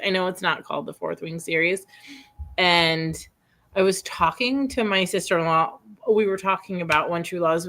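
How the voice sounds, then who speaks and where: A woman in her thirties hosting a casual chat, rambling through a personal story with lots of fillers and restarts. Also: mid-range voice. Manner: rambling storyteller, animated, quick laughs. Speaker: host.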